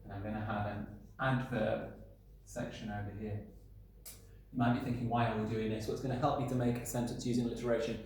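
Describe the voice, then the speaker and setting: A male primary school teacher giving a recorded lesson, playful and sounding out letters slowly. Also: fairly low pitch, little pitch movement, darkish tone, slight background noise. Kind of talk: recorded home-learning lesson. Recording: very echoey room.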